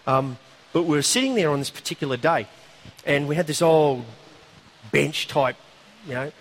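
A man preaching a sermon, telling a story in a conversational, animated way with asides. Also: on the high side.

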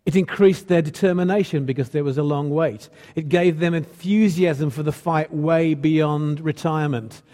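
A man's voice: fairly high pitch, fairly even intonation, moderate pace, hardly any pauses, mellow. A man preaching a sermon in a church, earnest and building to emphatic repeated lines. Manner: earnest, rising to emphatic repetition. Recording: long hall reverb.

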